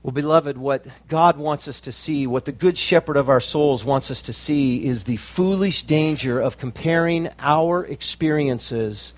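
A pastor preaching a sermon with emphatic, rising climaxes and slow drawn-out phrases. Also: male voice, medium pitch, no echo.

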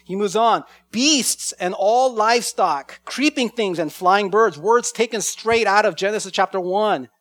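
Man, pastor, high voice, dry close sound, expository sermon, slows for scripture readings. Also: fairly bright tone, no echo. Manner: expository preaching, slows down to read scripture with emphasis.

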